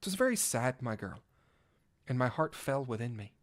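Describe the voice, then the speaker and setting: A man's voice: mid-range voice, sing-song, moderate pace, close to an everyday voice. A man voicing a vain, gallant male cat-knight bard in a fan audio drama, speaking in flowery, old-fashioned words and shifting from pompous to flustered. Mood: wry. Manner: theatrical, swinging from pompous to flustered. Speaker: narrator. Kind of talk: first-person fan audio drama reading.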